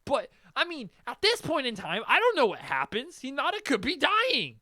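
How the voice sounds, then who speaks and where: A man hosts a casual podcast chat, swearing freely and getting worked up. His pitch swings widely as he rants, and the sound is dry and close. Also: moderate pace, no echo. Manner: excitable, profane, animated. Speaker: podcast host.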